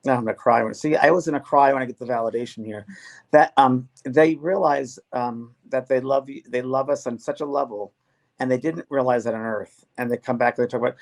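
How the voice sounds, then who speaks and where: A man's voice: mid-range voice, creaky. A man hosting a casual spiritual chat as a medium, talking earnestly with frequent restarts. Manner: earnest, halting with many restarts. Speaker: medium and host.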